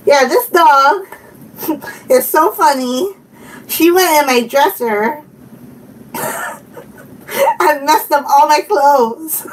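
A woman's voice: high-pitched, very slow, long pauses. A woman hosting a casual live stream from home, giggling a lot and chatting to her viewers and her dog. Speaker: channel host. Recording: from a bit far off the mic, faint room noise.

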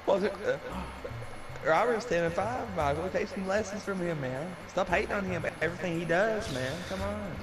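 A man's voice: high voice, lively intonation, normal speed, over music. A young man chatting casually with friends while gaming, telling rambling stories with plenty of fillers. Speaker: gamer in party chat.

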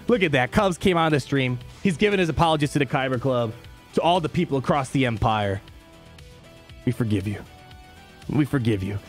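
A young man giving live gameplay commentary as a streamer, talking to his chat and shifting quickly between calm and excited. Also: on the high side. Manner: excitable, talks to chat, quick mood swings.

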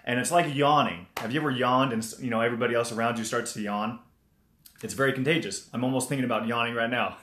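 A man's voice: medium pitch, fairly even intonation, fast talker, fairly bright tone. A man hosting a casual live stream, giving life tips, greeting viewers by name and often repeating himself. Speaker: motivational livestream host. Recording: roomy echo.

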